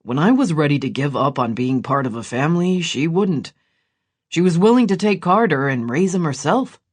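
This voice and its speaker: A man voicing Gideon, an earnest ex-soldier older brother, in a quiet, measured audiobook reading. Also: fairly high pitch, expressive, husky. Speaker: audiobook character voice.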